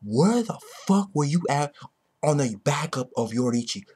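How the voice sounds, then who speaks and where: A man with a husky, breathy voice rants through a comic-chapter reaction, cursing nonstop and doubling back on his words. He swings from loud outbursts to low mutters. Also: moderate pace. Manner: excitable, heavily profane, repetitive. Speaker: manga chapter reviewer. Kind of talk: ranting reaction commentary.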